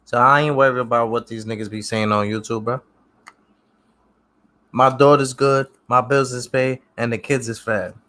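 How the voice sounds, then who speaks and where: A man talks loosely to his livestream viewers at a middle pitch. He answers comments one by one in easygoing street slang. He often says the same phrase twice. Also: fairly even intonation, normal speed, fairly bright tone. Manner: laid-back street slang, repeats phrases. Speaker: livestream host reading comments. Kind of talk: casual livestream chat.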